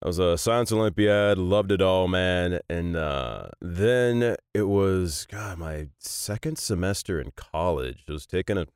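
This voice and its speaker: Animated laughing man telling stories. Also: sits low, unhurried, hardly any pauses, clear, resonant tone, no room sound, studio quality. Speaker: voice actor guest. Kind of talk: casual storytelling chat.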